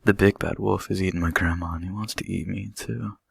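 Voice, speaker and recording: A nervous little storybook girl, as a man reading aloud puts her on, breathless and frightened. The voice stays low and gravelly with a husky edge, recorded dry and close. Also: steady tone, a little fast, dry recording, full character voice. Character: young girl Little Red Riding Hood, nervous.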